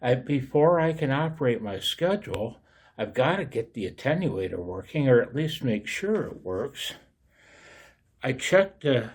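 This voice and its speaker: A man's voice: medium pitch, husky. A man chatting casually to viewers in a home vlog about his radio setup, chuckling often as he rambles in a folksy way. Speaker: amateur radio vlogger. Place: home and yard.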